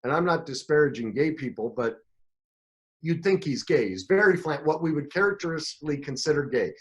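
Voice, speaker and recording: A middle-aged man, a coach and podcast guest, telling his own story in an emotional, animated way, with frequent restarts. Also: on the high side, a little fast. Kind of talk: storytelling interview talk.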